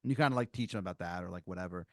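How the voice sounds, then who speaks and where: A man's voice: low voice, dry recording, studio quality. Rambling man improvising a comic story. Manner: rambling, halting, with many fillers and giggles. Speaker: podcast host.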